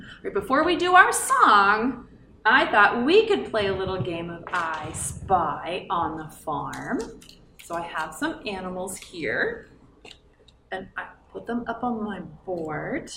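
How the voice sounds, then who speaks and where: A woman's voice: medium pitch, sing-song, slow pace, pushed and bright, slight background noise. A woman librarian reading a picture book aloud to children in a coaxing, sing-song way and asking them questions. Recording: roomy, from a distance.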